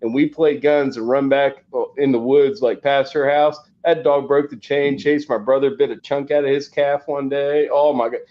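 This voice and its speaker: A man rattles off a childhood story in a loose, profane, animated way. His voice sits at an ordinary pitch, and the recording has a slightly dull, muffled sound. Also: normal speed, few pauses. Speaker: podcast co-host. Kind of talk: casual storytelling chat.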